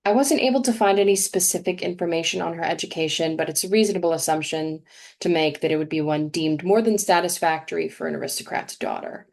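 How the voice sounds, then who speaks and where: A young adult woman giving a prepared talk at a congregation service, explaining things in a measured way and reading verse slowly with emphasis. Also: fairly low pitch, darkish tone. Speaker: guest speaker at a congregation service. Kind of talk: prepared talk read aloud.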